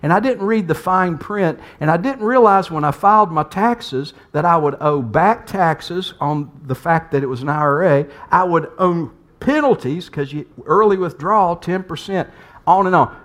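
A man's voice: a little high, normal speed, a bit bright. A man preaching a sermon as a pastor, telling a personal story with earnest, emphatic repetition.

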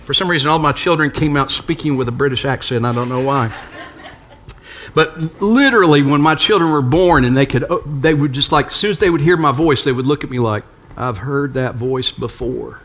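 A man's voice: a little high, fairly quick, fairly bright tone. An older man preaching a sermon as a pastor, conversational and storytelling with touches of humor.

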